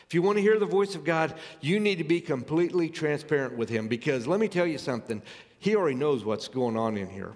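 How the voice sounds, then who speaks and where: A man preaching with earnest force, his slightly high voice climbing as he reads scripture and presses his point. A long reverb trails each phrase, as in a big sanctuary. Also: expressive, fast, a little mellow. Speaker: pastor. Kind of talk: sermon.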